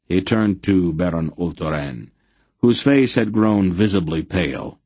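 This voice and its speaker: A man narrating an audiobook in a measured, steady storytelling manner. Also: low-pitched, no room sound. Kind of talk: scripted narration.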